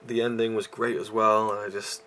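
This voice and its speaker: A man's voice: on the low side, little pitch movement, a little fast, fairly bright tone, slight background noise. A man reviewing a movie in a casual vlog, out of breath and rambling with many fillers and restarts.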